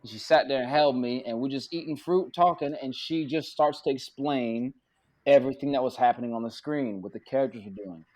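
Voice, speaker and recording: A man, an actor guest on a podcast, telling stories in an animated, casual way with plenty of cursing and acted-out quotes. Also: mid-range voice, a little fast. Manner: animated, profane, acts out quotes. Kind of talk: casual storytelling.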